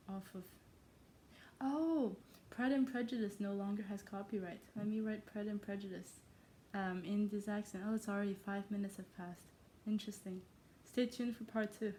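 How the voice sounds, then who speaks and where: A woman's voice: medium pitch, moderate pace, dark tone, a little hiss or hum. A woman from China talking in a self-made accent that blends Irish, American and Chinese sounds, rambling playfully and teasing herself in her own room. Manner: playful, scattered, self-mocking, trails off often. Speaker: vlogger. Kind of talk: casual rambling monologue.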